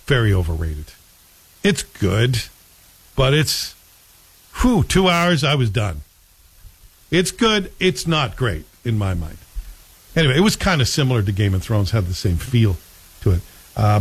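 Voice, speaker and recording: Man, casual chat host, rambling, opinionated, mid-pitched voice. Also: rough recording.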